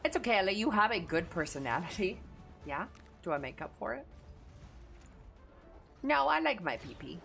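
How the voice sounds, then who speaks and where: A woman's voice: mid-range voice, big pitch swings, moderate pace, gravelly, pauses often, a bit bright, faint music behind. A woman streamer with a Chicano English accent, chatting casually, blunt and profane.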